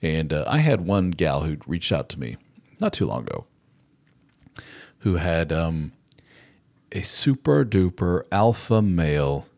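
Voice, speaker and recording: A middle-aged man with a very low, deep voice hosts a live chat. He rambles conversationally and drifts easily into acted-out quotes. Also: very animated, a little slow, creaky, long pauses, a little mellow. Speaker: host. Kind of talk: live chat advice talk.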